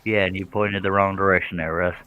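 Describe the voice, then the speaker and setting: A man's voice: low voice, level tone, brisk, phone-quality sound. A man hosting a casual woodworking live stream, joking and bantering in a folksy way.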